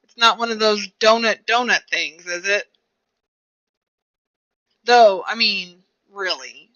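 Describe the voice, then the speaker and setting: A woman's voice: mid-range voice, slow pace, pushed and bright. A young woman streamer chatting casually and rambling to herself while she plays a game. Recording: dull lo-fi recording.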